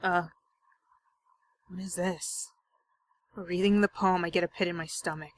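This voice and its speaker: A woman's voice: lowish voice, steady tone, a little slow, a little hiss or hum. A young woman reading a visual novel aloud as a game streamer, with dramatic, jokey and panicky reactions.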